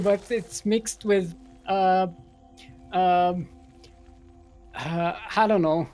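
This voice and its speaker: A man's voice: sits high, steady tone, extremely slow, long pauses, darkish tone, faint music behind. Playful man casting a strategy game. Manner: goofy, playful, laughs at own jokes. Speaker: esports caster. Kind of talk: live game commentary.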